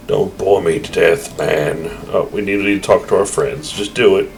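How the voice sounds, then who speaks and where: A man's voice: low voice, fairly even intonation, normal speed, creaky, hardly any pauses, soft background music, low-quality recording. A man casually commenting on his space game and reading its dialogue aloud. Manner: chatty, offhand, yawning. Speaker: gaming YouTuber.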